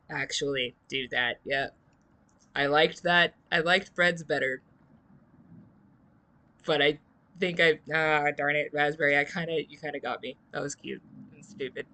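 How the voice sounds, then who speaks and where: A woman's voice: low voice, unhurried, pauses often, bright, forceful tone. A woman streaming a game, reading its lines aloud and reacting with chatty giggles.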